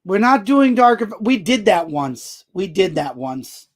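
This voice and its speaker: Loud, jokey live-stream host, man. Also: sits high, measured pace. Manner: loud, animated, jokey, answers chat comments aloud. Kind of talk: casual live-stream chat.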